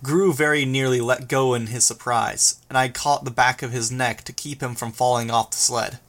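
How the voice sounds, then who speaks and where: A man reading a novel aloud as narrator, with steady, measured delivery. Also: mid-range voice. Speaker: audiobook narrator. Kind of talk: scripted narration.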